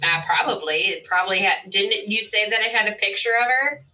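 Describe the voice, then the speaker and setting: A woman playing a tabletop game, giggly and blunt, sometimes shouting. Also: mid-range voice, fast talker, far from the mic, low-quality recording. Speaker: player.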